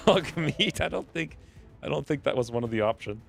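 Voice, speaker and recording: A man's voice: mid-range voice, expressive, normal speed, vocal fry, over music. A man giving casual live commentary on a strategy game, chatty and thinking aloud, often laughing. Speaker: game streamer.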